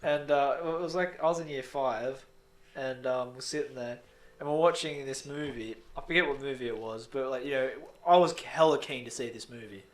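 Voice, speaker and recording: A man's voice: medium pitch, moderate pace. Rambling young man telling stories. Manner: rambling storyteller, swears freely. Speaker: podcast co-host. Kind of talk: casual chat.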